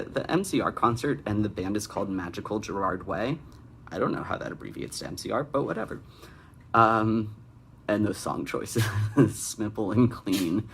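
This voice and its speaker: A man's voice: sits low, gravelly, a little hiss or hum. A young man hosting a comedic critique of bad fan fiction, with sarcastic, exasperated asides. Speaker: fanfic critic and host.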